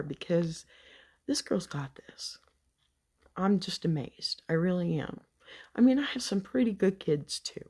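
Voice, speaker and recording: An older woman with a Texas accent, chatting to her subscribers off the cuff in a rambling, folksy way that drifts now and then into soft whispers. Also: medium pitch. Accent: Texan. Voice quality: gravelly, husky. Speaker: vlogger. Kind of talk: unscripted chat to subscribers.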